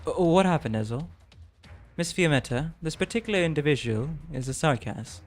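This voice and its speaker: Excitable man streaming a game. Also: fairly high pitch, normal speed, faint music behind. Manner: excitable, rambling reactions with restarts. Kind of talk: reading game dialogue aloud and reacting.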